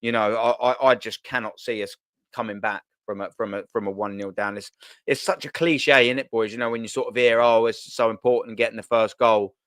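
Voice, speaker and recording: A man's voice: on the low side, steady tone, a little fast, a bit bright, clean tone, no echo. A man hosting a casual football chat stream, rambling and cheeky, swearing freely. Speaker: host.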